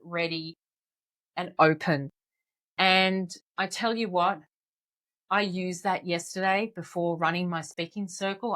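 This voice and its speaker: A woman in her forties, a confidence coach, calmly and encouragingly guiding listeners step by step through an exercise. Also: medium pitch. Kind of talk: guided exercise instruction.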